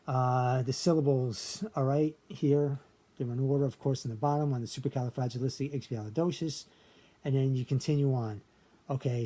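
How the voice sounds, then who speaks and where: A man's voice: mid-range voice, mellow. A man explaining step by step in a casual screen-share lesson, tacking "okay" onto nearly every phrase. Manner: repeats "okay" after nearly every phrase, counts syllables aloud. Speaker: video creator teaching a memory trick.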